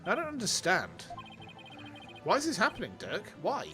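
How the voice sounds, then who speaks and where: A man voicing an earnest young male lawyer, upset and pleading, his voice pushed higher. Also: wildly swooping pitch, normal speed, over music. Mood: distressed.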